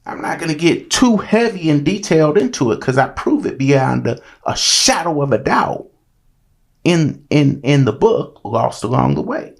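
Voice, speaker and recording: Man, AAVE speech, gravelly voice that rises and falls a lot, preachy and emphatic, monologue to camera. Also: on the high side, sing-song, normal speed. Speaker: author and commentator. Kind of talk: impassioned monologue.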